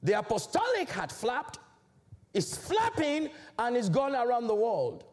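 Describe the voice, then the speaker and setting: Unhurried and darkish in tone, this man's voice makes huge pitch swings. He is a church elder from Africa preaching emphatically and declamatorily in a large church, his pitch swelling dramatically.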